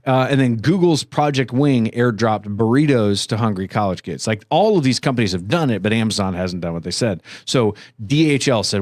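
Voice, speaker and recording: A man co-hosting a podcast in casual comedic chat, rambling and interrupting himself with quick asides. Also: medium pitch, lively intonation, dry recording, clean studio sound. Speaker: podcast co-host. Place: co-working space.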